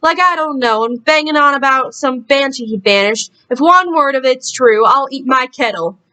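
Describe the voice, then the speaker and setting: A woman reading aloud, voicing a big, gruff male gamekeeper who growls his words. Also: high-pitched, normal speed, sharp tone. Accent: southern-tinged put-on.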